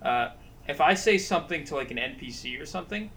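A man's voice: on the high side, expressive, fast, fairly bright tone, slight background noise. A man describing his habits as a player, laid-back and full of fillers. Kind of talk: casual podcast chat.

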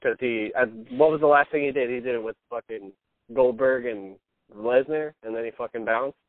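A man's voice: mid-range voice, normal speed, dry recording. A young man co-hosting a podcast, chatting casually and with lots of swearing, mostly giving short replies. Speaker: podcast co-host. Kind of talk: casual chat. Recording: dry, tinny phone-like sound.

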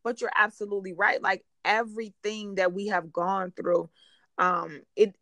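A woman's voice: medium pitch, little pitch movement, normal speed, no echo, studio quality. A woman hosting a faith-based interview, encouraging her guest and often restarting her sentences. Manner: warm encouraging, many restarts and laughs. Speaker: podcast host.

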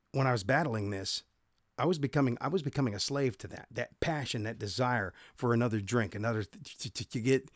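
A man's voice: medium pitch, no echo, studio quality. A man hosting a devotional podcast, reading Bible passages aloud and explaining them in a casual, conversational way with frequent self-corrections. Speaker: podcast host and Bible teacher.

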